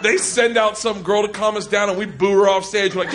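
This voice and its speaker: Guy comic rambling a crude story onstage, highish voice, loud crowd and noise. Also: a little fast, hardly any pauses. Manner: rambling, crude, self-mocking, yelling bursts. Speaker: stand-up comedian. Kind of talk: stand-up storytelling. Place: comedy club stage. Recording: live club recording with loud crowd.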